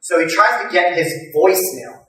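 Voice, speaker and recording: A man doing a stand-up comedy set, talking in a chatty way with many fillers and bursting into loud impressions. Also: high-pitched, normal speed. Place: live comedy venue. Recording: very echoey room, from far off.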